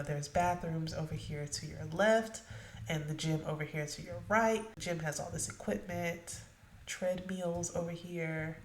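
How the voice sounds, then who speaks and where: A woman's voice: lowish voice, a little hiss or hum. Chatty woman narrating a life-sim game. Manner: chatty, addresses viewers directly. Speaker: let's play narrator. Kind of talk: casual game commentary. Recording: echoey room.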